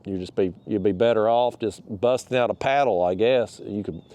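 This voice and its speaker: A fishing vlogger with a lowish, dark voice talks casually at a moderate pace while fishing from a kayak outdoors. He rambles, restarts, and uses folksy phrasing, sounding a bit out of breath.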